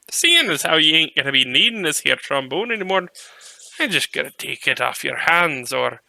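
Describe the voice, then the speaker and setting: A man's voice: a little high, gravelly, pushed and bright, no room sound, exaggerated voice. A man voicing Poro, a cheeky male mutant reindeer who spins a rambling tale in a put-on Scottish-style brogue. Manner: chatty, folksy, rolls through a tall tale. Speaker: player. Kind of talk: in-character tabletop storytelling.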